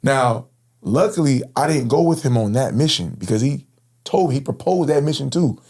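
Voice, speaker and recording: Man in his 30s, Florida guest; relaxed, slangy storyteller, earnest, mid-pitched voice. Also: moderate pace, slightly rough. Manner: casual, slangy, earnest, frequent "bro". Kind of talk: personal storytelling in interview.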